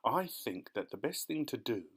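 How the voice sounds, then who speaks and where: A man's voice: mid-range voice, very animated, moderate pace. A man voicing a young boy in a storybook audiobook, speaking hesitantly and then with urgency. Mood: alarmed.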